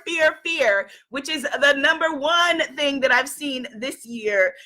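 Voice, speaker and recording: A woman with a high, bright voice that is hoarse and strained runs a motivational live stream. She talks with eager energy into a clip-on mic, calling out viewers by name. Her tone stays upbeat and coaching throughout. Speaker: spiritual business coach and live-stream host. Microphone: clip-on microphone.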